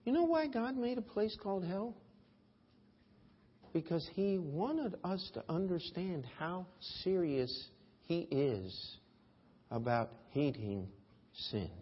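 A male pastor delivers his sermon in a high, husky voice, taking his time and leaning hard into loud emphatic lines before dropping quiet again. The room carries a long church reverb, and the audio sounds dull and muffled. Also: very animated, slow, long pauses. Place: church sanctuary.

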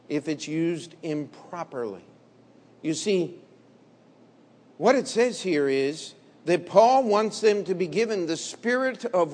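A man preaching a sermon in a blunt, combative way, dropping to low murmurs and rising to loud emphatic bursts. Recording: long hall reverb.

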